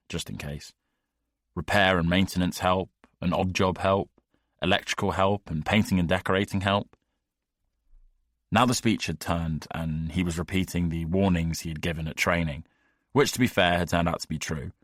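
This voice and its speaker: Low-voiced man narrating an audiobook. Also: a bit bright, no room sound, clean studio sound.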